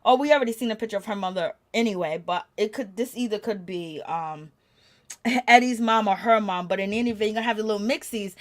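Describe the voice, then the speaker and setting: A woman giving a chatty, gossipy recap of a reality show, growing animated when she quotes the people in it. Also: mid-range voice, brisk. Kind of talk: casual recap commentary.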